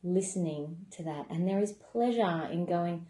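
Mellow-voiced woman coach in an echoey room. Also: lowish voice, measured pace. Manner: calm, gentle, conversational, with many "you know" asides. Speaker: wellness coach running a membership program. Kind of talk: reflective self-help talk.

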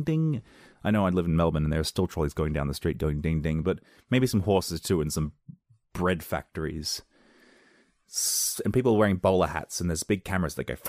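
Low-voiced man, eager rambling film-podcast chatter, dry close sound. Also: a little mellow, no room sound. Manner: enthusiastic and rambling. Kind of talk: casual solo podcast review.

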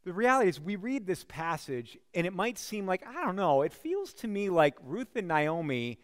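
A man's voice: high-pitched, big pitch swings, moderate pace, big-room sound. A man preaching a sermon as a pastor, telling the story in a conversational way with frequent asides to the congregation.

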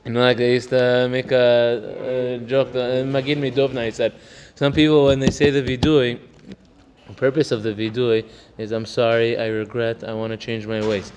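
A man teaching a religious text. He reads Hebrew passages quickly, explains them in English in a chatty way, and often asks "right?". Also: medium pitch, level tone, a little mellow, big-room sound, slight background noise. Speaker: Torah teacher. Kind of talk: text study lesson.

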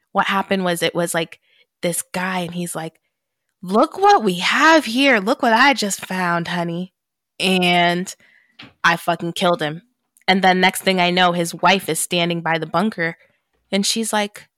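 A woman with a bright, forceful voice and a fairly low pitch talks casually as a podcast host. She tells a long story, swearing freely and laughing along the way. The sound is close and dry, with no room echo. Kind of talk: casual chat.

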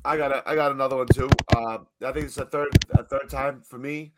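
A young man co-hosting a casual sports podcast, slangy and profane, with a mid-range voice. There is clear noise and clicking behind him. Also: medium pitch, steady tone, a little fast. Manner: slangy, swearing. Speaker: podcast co-host.

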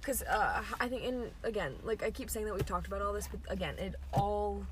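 Young female co-host, easygoing, mid-pitch, noisy home recording. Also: brisk, hardly any pauses. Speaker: podcast co-host. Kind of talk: casual faith chat.

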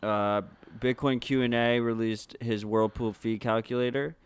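A mid-range, smooth voice with fairly even intonation belongs to a man co-hosting a podcast, recorded dry. His casual chat is halting and enthusiastic, full of restarts and eager asides.

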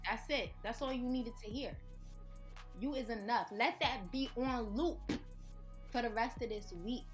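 A woman's voice: fairly high pitch, unhurried, faint music behind. A woman hosting a podcast in casual chat, playful and joking as she reads out notes and teases her co-hosts. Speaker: podcast host.

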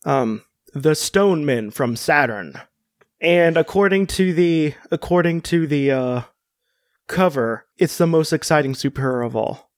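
A man's voice: a little high, lively intonation, unhurried, dry recording, clean studio sound. A man co-hosting a casual comic-book chat, rambling with many fillers and restarts. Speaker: podcast co-host.

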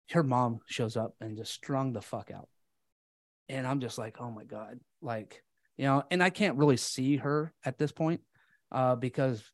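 A man on a podcast telling a painful personal story candidly, halting with fillers and restarts, sometimes swearing. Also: medium pitch, dry recording, studio quality. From United States.

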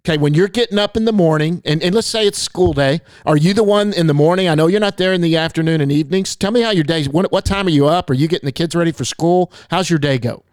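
Guy hosting an interview, talks quick, slightly high voice, dry sound. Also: a little mellow, no room sound. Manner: rambling, friendly questions. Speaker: interview host. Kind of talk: casual interview.

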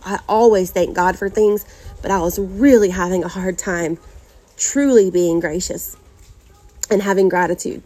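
Earnest woman, mellow voice. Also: medium pitch. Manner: earnest and heartfelt, addressing listeners as y'all. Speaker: podcast host. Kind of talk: personal faith talk to listeners.

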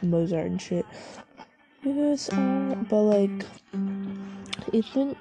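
A woman with a soft, mellow voice rambles through a casual chat as she browses online. She swears freely and keeps cutting herself off to start again. Quiet music plays faintly in the background. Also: medium pitch. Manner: rambling, profane, self-interrupting, giggly. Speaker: vlogger. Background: faint music playing.

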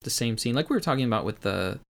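A man co-hosts a casual podcast about an old movie, speaking at a middling pitch. He gets enthusiastic and pauses often with fillers as he searches for words. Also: animated, gravelly. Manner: enthusiastic, halting with many fillers. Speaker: podcast co-host. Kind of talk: casual film discussion.

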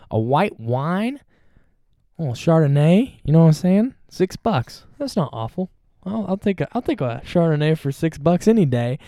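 A man's voice: fairly high pitch, mellow, no room sound, studio quality. A man hosting a podcast, talking on his own in a chatty, playful way and joking about himself. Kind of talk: casual solo talk.

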